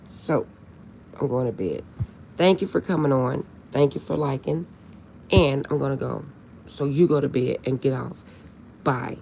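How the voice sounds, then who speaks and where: Gravelly-voiced woman on a late night live stream, laughing a lot, keeps going "i'm serious", little hiss behind. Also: very deep voice, a little slow, long pauses, dark tone.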